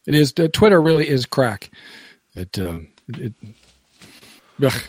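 A man's voice: mid-range voice, very animated, unhurried, darkish tone, dry recording. A man, a former radio broadcaster, chatting casually as a podcast guest, rambling and restarting his sentences and laughing often. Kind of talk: casual chat.

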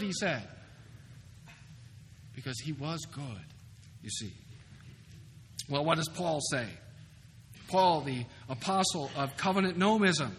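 A high-voiced man lectures from the front of a large hall, pressing his points with emphatic, animated delivery and dry humor. Long reverb hangs on his voice over faint background noise in an older conference recording. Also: slow, long pauses. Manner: emphatic, animated, wry asides. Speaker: seminary professor lecturing.

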